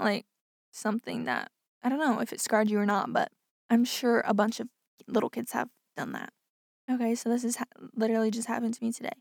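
A young woman with a fairly high voice chats through her podcast in a casual, upbeat way. She sounds close and dry, with almost no room echo. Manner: chatty, says "like" often, laughs things off. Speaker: podcast host. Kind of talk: casual podcast chat reading listener stories.

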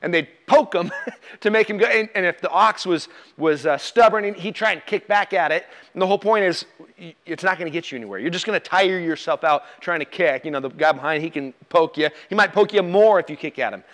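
A man with a high voice delivers a sermon as a pastor. He speaks in a relaxed, plain-spoken way, with touches of humor. He often asks his listeners direct questions. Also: brisk.

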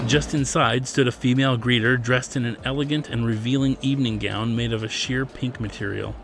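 A man, the author, narrating his science fiction novel as a scripted reading in a steady storytelling manner. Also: medium pitch, vocal fry. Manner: steady storytelling, plays character lines lightly.

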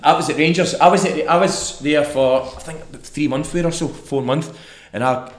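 A man's voice: fairly high pitch, moderate pace, roomy sound. A man with a Scottish accent, a former footballer telling laughing, sweary stories in a casual football chat.

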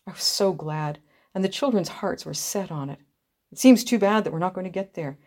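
A woman voices a tired young mother in a storybook, widowed and hard up but hopeful. She speaks wistfully, a touch higher than the narration. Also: brisk, darkish tone.

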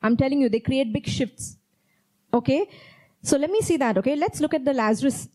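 Emphatic high-voiced woman preaching. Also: lively intonation, a little fast, warm tone, rough recording. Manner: earnest, emphatic, repeats key phrases. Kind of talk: sermon teaching with Bible reading. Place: church.

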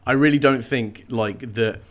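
A man co-hosting a casual book discussion podcast, animated, swearing playfully and laughing often. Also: mid-range voice, measured pace. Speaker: podcast co-host.

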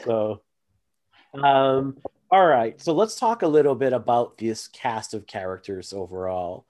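A man's voice: mid-range voice, animated, measured pace, a little mellow. A man hosting a podcast, chatting casually with many fillers and asides. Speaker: podcast host. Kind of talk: casual chat.

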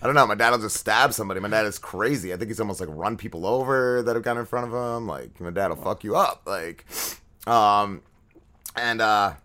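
A man's voice: lowish voice, fairly quick, pushed and bright. A man hosting a podcast, telling a story in casual chat, swearing a lot and acting out the other people's lines in an exasperated way. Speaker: podcast host.

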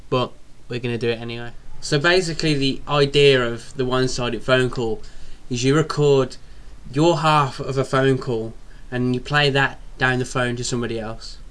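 A young man co-hosts a casual radio podcast in a relaxed, storytelling manner. His voice is smooth and resonant, at an ordinary pitch. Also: moderate pace, hardly any pauses. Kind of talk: casual chat.

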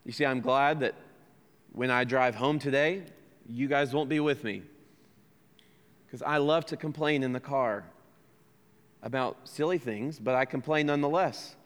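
A man's voice: medium pitch, unhurried, long pauses, long reverb tail. An American man preaching a sermon as pastor, earnest and conversational, asking his listeners questions and poking fun at himself. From United States. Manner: earnest, conversational preaching with rhetorical questions and self-deprecating asides. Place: church sanctuary.

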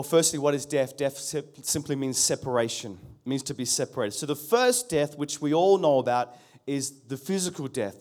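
A man's voice: mid-range voice, a little mellow. A pastor preaching a sermon earnestly, asking his congregation rhetorical questions and calling for their response.

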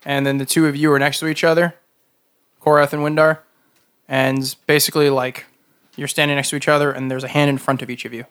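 A man running a tabletop game as game master, narrating scenes slowly with pauses and fillers. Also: mid-range voice, flat delivery, a bit bright, clear, resonant tone. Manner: slow, halting descriptive narration with fillers.

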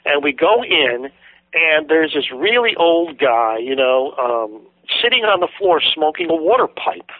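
A man tells a story as a guest author, with animated energy, acting out other people's words as he goes. His voice sits a little high. It comes through a thin, phone-like line with a dry sound and no room echo. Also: a little slow. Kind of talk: telling a story in a phone interview.

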